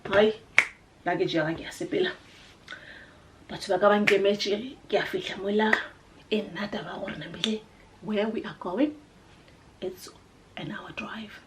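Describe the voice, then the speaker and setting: Animated South African woman telling a story. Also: mid-range voice, moderate pace, long pauses, background noise. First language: Sepedi. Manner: animated, swinging from loud exclamations to hushed asides; switches into Sepedi mid-sentence. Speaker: vlogger telling a personal story. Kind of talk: casual storytime chat.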